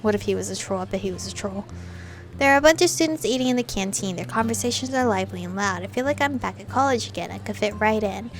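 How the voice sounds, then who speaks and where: A woman's voice: mid-range voice, animated, quick pace, faint music behind. A woman reading a visual novel aloud, with chatty, giggly asides between passages. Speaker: game player reading aloud.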